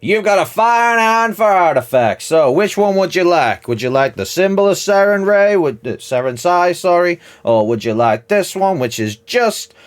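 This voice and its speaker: A man voicing a brash male market trader who hawks fake artifacts in drawn-out patter. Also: high-pitched, very animated, clear, resonant tone, pitched above the performer's own voice. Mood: hawking. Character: loud pushy male market huckster selling fake artifacts.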